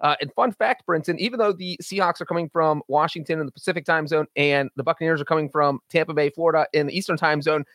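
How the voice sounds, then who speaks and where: A man's voice: fairly high pitch, steady tone, fast, few pauses, a bit bright, dry recording, clean studio sound. A man co-hosting a sports betting podcast, talking in a confident, joking way. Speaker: podcast co-host. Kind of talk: casual sports betting chat.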